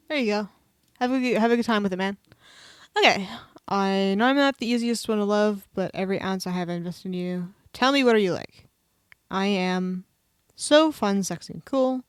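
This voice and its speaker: A woman streamer reads online personality quizzes aloud in a relaxed, sarcastic way, tossing in offhand swearing. Her voice sits at an ordinary middle pitch. It is captured dry on a close mic with no room sound. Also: moderate pace, smooth, no echo.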